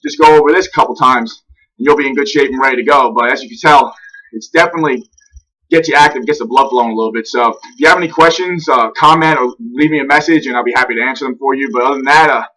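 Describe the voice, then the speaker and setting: Guy walking you through a warm-up, kinda breathing hard, sounds far from the mic. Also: mid-range voice. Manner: instructive, repeatedly checks in with a quick "okay?". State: breathing a little heavy. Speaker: fitness trainer. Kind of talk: demonstrating a workout warm-up.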